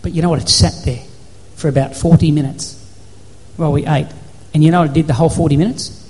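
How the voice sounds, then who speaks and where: A pastor delivers a sermon in a high-pitched male voice, pressing his points with repetition and rising to shouts. The sound carries a long reverb from a church hall. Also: fairly even intonation, quick pace. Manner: preaching, rising to shouts with repeated phrases.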